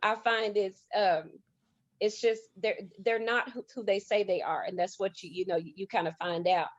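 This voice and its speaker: A woman sharing her dating experiences on a panel with a lot of emphasis and animation. Her pitch sits in the middle range. The recording is dry and slightly muffled. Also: fairly even intonation, moderate pace, no echo. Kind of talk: casual panel discussion.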